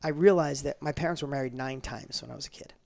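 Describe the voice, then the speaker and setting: A middle-aged man telling a personal story in an interview, fast and emphatic, acting out the dialogue he quotes. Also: mid-range voice, creaky, darkish tone.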